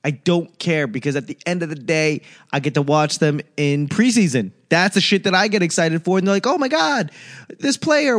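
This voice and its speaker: A man hosting a casual solo talk show, ranting on tangents with profanity and sarcastic mimicry. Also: a little high. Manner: rambling tangents. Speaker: solo podcast host.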